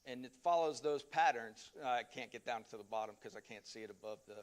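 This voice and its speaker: A man's voice: mid-range voice, brisk. A man teaching a Sunday Bible class at church in a loose, conversational way, with fillers and restarts.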